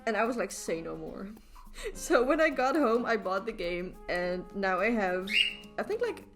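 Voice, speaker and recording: A young woman with a higher-pitched voice chats casually as she sketches, laughing easily between her thoughts. She hosts the video in a relaxed, rambling way. Faint music plays softly underneath. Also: measured pace. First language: Dutch. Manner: giggly, chatty, laughs often. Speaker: artist and video host. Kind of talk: casual chat while drawing.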